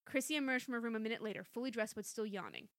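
A woman reading an interactive story aloud, playful and lively between passages. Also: a little high, racing, no echo, studio quality. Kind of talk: storybook narration with chat.

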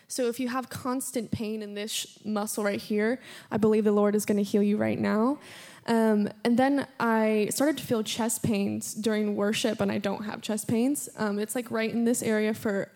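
A woman's voice: fairly high pitch, steady tone, normal speed, hardly any pauses, darkish tone. A woman giving words of knowledge and leading an earnest, emotional prayer with many fillers. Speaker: prayer minister. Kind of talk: spontaneous prophetic prayer.

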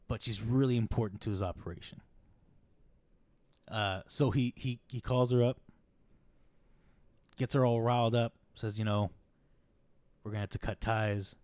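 A man's voice: lowish voice, fairly even intonation, normal speed, long pauses, a little mellow, no room sound. A man hosting a podcast, retelling a story in a casual, rambling way, swearing freely and acting out the quotes. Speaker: podcast host.

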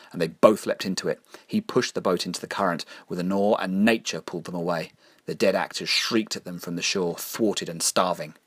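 A man with a deep, low voice narrates a scripted horror tale. He keeps a measured, grim pace and slows to weigh his key phrases. The recording is dry and close, with no room sound. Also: breathy edge, no room sound.

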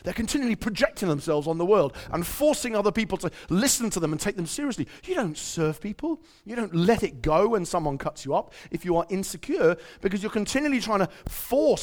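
A man's voice: high voice, very animated, brisk, few pauses. A man preaching a conversational sermon, quizzing his audience and telling stories.

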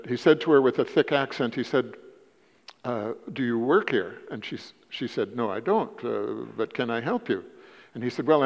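A man preaching a sermon in a church, telling stories in a halting way, repeating words and rising in pitch for emphasis. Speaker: guest preacher. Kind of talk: sermon with storytelling. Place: church sanctuary. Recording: dull lo-fi church recording with long reverb.

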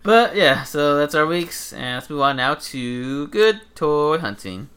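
A young man hosting a casual podcast, telling a story in an animated way, mimicking others in high voices and swearing freely. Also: takes it slowly. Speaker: podcast host.

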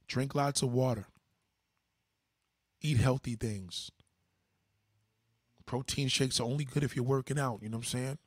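A man's voice: no room sound, clean studio sound. A man hosting a livestream, giving blunt, profane advice to his viewers in a casual, preachy way. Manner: mimics others in higher pitch. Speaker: livestream host.

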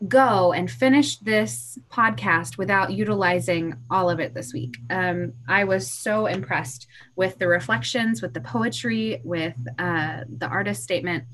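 A woman pastor who co-hosts a podcast, talking casually and then reading a poem softly with gentle pauses. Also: medium pitch. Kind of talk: podcast talk and poetry reading.

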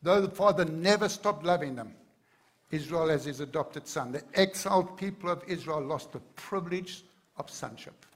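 A man's voice: on the high side, normal speed, husky. A man preaching a sermon to his congregation, earnest and building to fervent emphasis. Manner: addresses the congregation directly. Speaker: pastor.

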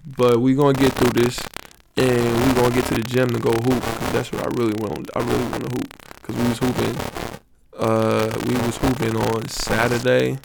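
A male podcast host in casual solo talk, rambling through slang and restarts with low energy. His voice has a gravelly fry at a middle pitch. The recording carries steady background noise.

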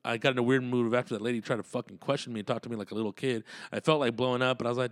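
A man's voice: mid-range voice, fairly even intonation, very fast, few pauses, no echo, clean studio sound. A man telling road stories in a casual, profane, rambling monologue and laughing often.

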